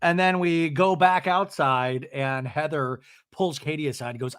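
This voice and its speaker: A man hosts a podcast, rambling through a comedic reality-TV recap. His voice sits a little higher than most men's, and his delivery is loose and chatty, full of fillers and restarts. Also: fairly even intonation, unhurried, hardly any pauses, fairly bright tone, clear, resonant tone. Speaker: podcast host.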